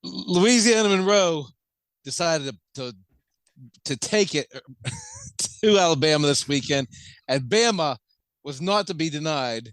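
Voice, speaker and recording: A man's voice: fairly high pitch, animated, measured pace, long pauses, a bit bright, dry recording. An American man co-hosting a sports podcast, teasing his co-host with dry sarcasm in a casual chat.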